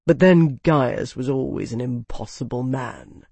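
A world-weary ruler, as voiced by the audiobook narrator, speaking a touch below the storyteller's own pitch. His delivery is measured, dry and unhurried. The recording is close and dead. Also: vocal fry, a little mellow, breathy edge, no room sound. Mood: cool. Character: cool, world-weary male high lord.

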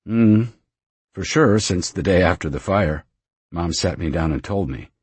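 A man's voice: low voice, animated, a little slow, darkish tone, breathy edge, no room sound, full character voice. A man voicing a blunt, offhand young woman, reading her dialogue in a casual, dismissive tone for a storybook.

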